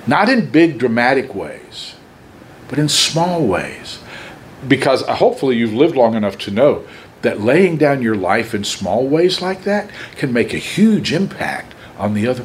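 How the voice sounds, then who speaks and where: Male pastor, unhurried emphatic sermon, voice swinging up and down. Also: mid-range voice, slight background noise. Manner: animated, emphatic preaching with pauses. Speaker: preacher.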